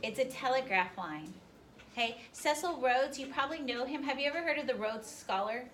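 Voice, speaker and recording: A woman's voice: sits high, animated, a crowd in the background. A woman teaching a history class, firing questions at her students. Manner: quizzes students with rapid questions. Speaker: high school history teacher. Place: school classroom. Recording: distant classroom recording, faint noise.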